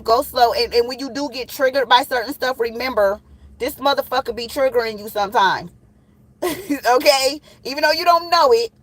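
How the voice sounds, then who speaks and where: Woman tarot reader, slightly high voice, casual and profane, laughs a lot while she teases her audience. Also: low-quality recording. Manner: blunt, profane, laughs often, playful and teasing. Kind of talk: casual livestream tarot reading.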